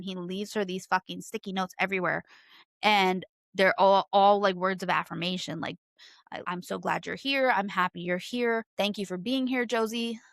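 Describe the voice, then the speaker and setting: A woman's voice: mid-range voice, a bit bright, dry recording. Woman ranting animatedly, swearing freely. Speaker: book reviewer. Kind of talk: casual book review chat.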